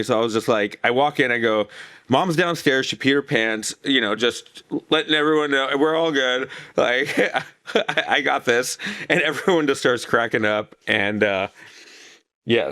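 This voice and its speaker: Young man, mid pitch, joking rambler, dry close mic. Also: fairly bright tone, no room sound. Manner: joking, rambling, many fillers. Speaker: podcast co-host. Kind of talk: casual podcast storytelling.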